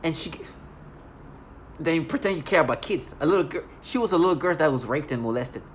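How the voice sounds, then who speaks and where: Speaking low, expressively and fairly quickly, a female video blogger delivers an agitated, accusing rant to the camera, rambling and starting over repeatedly. There's a little background noise.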